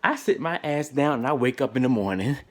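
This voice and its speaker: Animated profane man telling a story. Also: fairly quick. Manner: animated, profane, swings into high excited quoted voices. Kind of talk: storytelling vlog.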